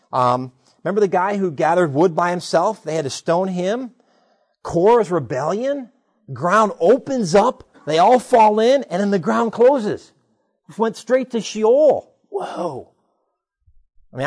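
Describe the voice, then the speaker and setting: A man preaching a sermon in a conversational, animated way, retelling stories and asking rhetorical questions. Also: fairly high pitch. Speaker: pastor.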